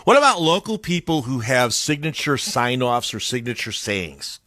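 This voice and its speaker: Lively chatty radio host man. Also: mid-range voice, moderate pace, no echo, studio quality. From Chicago. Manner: animated, chatty storyteller. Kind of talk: casual morning radio chat. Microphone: studio microphone.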